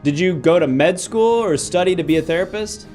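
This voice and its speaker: A man playing a judge who questions a defendant in a measured, increasingly exasperated manner, in improv comedy. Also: sits high, expressive, a little mellow, soft background music. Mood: questioning. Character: exasperated male judge presiding over a trial. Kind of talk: improv comedy role-play.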